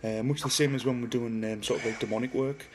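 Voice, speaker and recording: A man's voice: medium pitch, steady tone, fast, very noisy. Geordie man hosting a livestream. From Newcastle, northeast England. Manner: chatty, reads viewer comments aloud, talks to a spirit box. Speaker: paranormal livestream host. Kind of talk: casual livestream chat.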